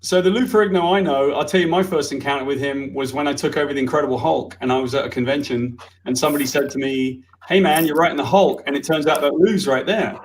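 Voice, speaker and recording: A man's voice: fairly high pitch, fast, hardly any pauses, a little hiss or hum, poor audio. A man telling a story in casual chat, blunt and brash, swearing freely, on a video call. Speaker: comic book writer.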